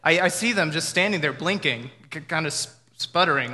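A man's voice: a little high, lively intonation, fairly quick, hardly any pauses, pushed and bright. A man preaching a sermon in a conversational, reflective way, often acting out what people might have said. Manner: conversational, reflective, with imagined dialogue. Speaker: pastor. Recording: reverberant hall.

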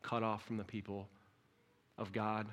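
A middle-aged pastor preaches bluntly and directly, shifting between quiet reflection and loud, impassioned peaks. His voice is lowish with a flat delivery and a measured pace.

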